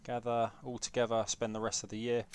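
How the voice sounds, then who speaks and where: Excitable British man streaming a game. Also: medium pitch, brisk, a little hiss or hum. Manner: excitable banter with chat, jokey. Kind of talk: live gameplay commentary.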